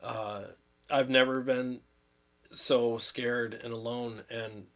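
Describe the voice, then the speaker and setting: A man's voice: mid-range voice, flat delivery, slow, fairly bright tone. Man, 50s, livestream host; earnest, rambling, a little emotional. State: recovering from illness, drained. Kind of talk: casual livestream chat.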